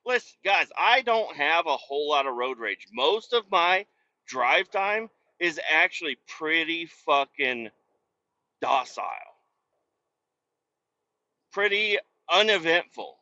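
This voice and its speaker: A foul-mouthed trucker rants and mocks from the cab of his truck, his voice bright and a touch high. He rambles between yelling and mumbling asides. The recording is dull and lo-fi. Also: sing-song, takes it slowly, pauses often, dry recording. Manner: profane, mocking, rambling. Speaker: truck driver and podcast host. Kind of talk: profane rant while driving. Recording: dull lo-fi sound.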